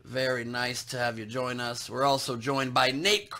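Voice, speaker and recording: A man's voice: medium pitch, flat delivery, moderate pace, bright, forceful tone. A man hosting a comedy show over a video call, teasing and introducing guests with jokes. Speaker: podcast host. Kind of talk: casual comedic banter.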